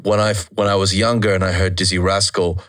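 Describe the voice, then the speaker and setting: Deep, flat-voiced male podcast host. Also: fairly quick, no echo, clean studio sound. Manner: relaxed, laid-back talk with frequent fillers. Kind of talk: casual podcast chat.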